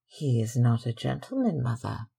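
A man's voice: mid-range voice, big pitch swings, moderate pace, vocal fry, dark tone, slightly rough, heavily acted. A man reading aloud, voicing a young girl in love in a raised, breathless, pleading tone. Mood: giddy, lovestruck.

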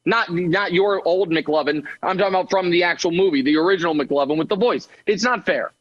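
A man guesting on a sports radio show, trading animated, mock-indignant banter, his voice jumping up when he gets worked up. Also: fairly quick, highs cut off. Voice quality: higher voice he calls bad for radio.

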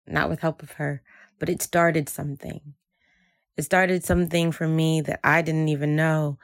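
Woman, very low voice, dry close sound, reflective personal storytelling, from Jersey City. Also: no echo. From Jersey City, United States. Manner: reflective, with repeated phrases.

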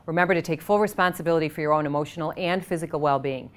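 A woman leading a guided tapping session, speaking in a calm, measured way and guiding the breathing with audible sighs. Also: sits low, slight background noise.

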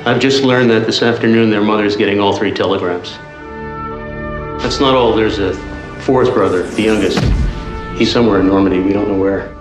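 An actor playing an army officer giving a formal report in a film clip. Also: male voice, fairly low pitch, a little fast, natural voice. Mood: grave. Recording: roomy film clip with music.

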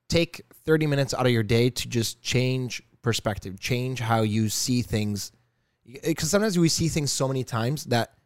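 A man's voice: medium pitch, no echo, studio quality. A man co-hosting a podcast, telling stories in an easygoing, somewhat hesitant way with fillers. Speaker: podcast co-host. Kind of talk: casual chat.

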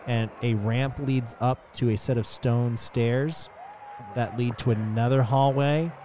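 Relaxed male game master, rambling scene narration, background noise. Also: medium pitch, measured pace. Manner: loose, chatty narration with fillers. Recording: noisy background.

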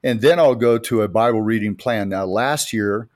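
A middle-aged man from the United States co-hosts a casual faith podcast, giving emphatic storytelling retellings of anecdotes. He has a lowish, slightly mellow voice and speaks at a moderate pace. The studio sound is clean, with no echo.

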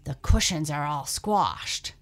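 A woman's voice: medium pitch, very animated, moderate pace, a little mellow. A woman voicing a mommy bear in a storybook reading, firm and a bit indignant. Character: middle-sized mommy bear, fussy.

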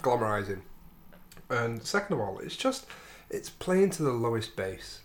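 A man co-hosting a casual podcast, blunt and sweary and quick to tease. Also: mid-range voice, very animated. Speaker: podcast co-host.

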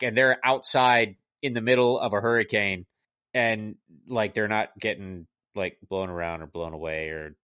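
A man's voice: medium pitch, fairly even intonation, normal speed, a bit bright, no room sound, clean studio sound. A man co-hosting a podcast, casually retelling a movie in a rambling, exasperated way with lots of "like". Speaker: podcast co-host reviewing a movie. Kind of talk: casual chat.

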